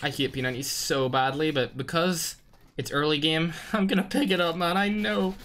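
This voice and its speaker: A young man with a Northern Irish accent streaming a game live, reacting loudly and greeting chat in casual slang. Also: a little high, normal speed, a little hiss or hum. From Northern Ireland. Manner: excitable, slangy, swings between loud outbursts and muttering. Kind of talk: live gameplay commentary with chat shout-outs.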